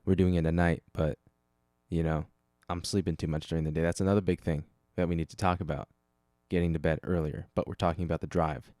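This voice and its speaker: A man's voice: deep voice, little pitch movement, fairly quick, warm tone, no room sound, studio quality. A man hosting a casual solo podcast, rambling and correcting himself as he goes, speaking into a desk microphone. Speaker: podcast host.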